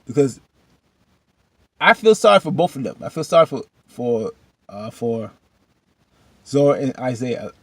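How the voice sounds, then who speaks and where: A man's voice: medium pitch, big pitch swings, unhurried, pauses often, no echo. A man casually recapping a TV episode, chatty and slangy, rambling with restarts.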